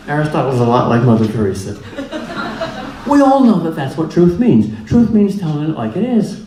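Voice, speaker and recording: A man's voice: a little high, big pitch swings, moderate pace, dark tone, a little hiss or hum. A man giving a public lecture in a plainspoken, humorous way, driving points home through repetition. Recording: echoey room with faint ambience.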